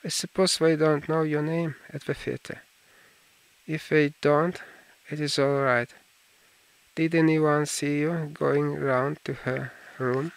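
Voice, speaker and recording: A man voicing a cool, worldly aristocrat in an audiobook, measured and urbane in manner. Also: fairly high pitch, level tone, vocal fry, no echo, low-quality recording. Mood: grave. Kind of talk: audiobook character reading.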